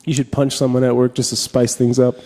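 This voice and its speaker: Male podcast co-host: mellow, profane, wisecracking storyteller, recorded with a roomy echo. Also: mid-range voice, flat delivery, a little fast. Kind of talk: casual chat.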